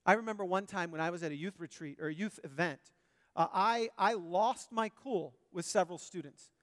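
A male pastor preaching a sermon, animated, swinging between loud emphasis and quiet asides. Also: sits high, brisk, big-room sound.

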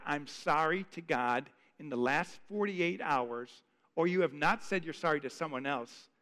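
A man's voice: on the high side, a bit bright. A man preaching a sermon as pastor, earnest and conversational, often repeating phrases. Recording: long hall reverb.

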